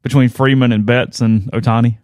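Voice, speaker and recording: A man in a middle voice speaks plainly on a sports podcast, tossing in quick blunt lines and short agreeing asides between longer points. The mic is dry and close. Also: mid-range voice, fairly even intonation, a little mellow, dry recording. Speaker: podcast co-host. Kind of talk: casual sports talk.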